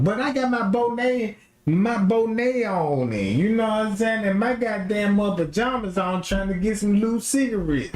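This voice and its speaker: A man's voice: sits high, normal speed, reverberant. A young man, ranting on a casual livestream and slipping into mocking impressions. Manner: animated, slips into mocking impressions. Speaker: livestream host.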